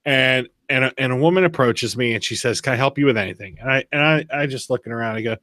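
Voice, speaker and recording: A bright, forceful male voice in casual podcast chat. He tells stories with animated energy and laughs easily. The sound is dry and close. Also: mid-range voice, no room sound. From Pennsylvania. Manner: animated storyteller, quick laughs. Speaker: podcast host.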